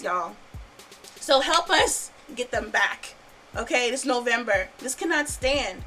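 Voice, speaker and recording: A woman's voice: fairly high pitch, animated, slow, bright, forceful tone, soft background music, poor audio. A woman hosting a casual podcast, angry and swearing freely, repeating her points. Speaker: podcast host.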